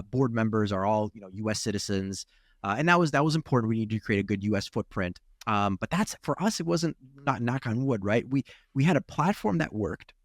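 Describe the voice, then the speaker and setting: A man's voice: lowish voice, dry recording. Guy with a chicago accent, ukraine-born, 30s, chatty interview talk, dry sound. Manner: lots of restarts and "right?" tags. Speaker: startup CEO guest. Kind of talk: interview conversation.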